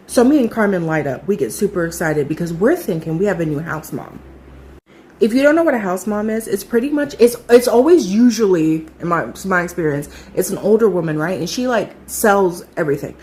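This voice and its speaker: A woman in her thirties telling a casual storytime, chatty and animated, acting out what other people said. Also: on the low side, fairly quick, a little hiss or hum. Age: 30s.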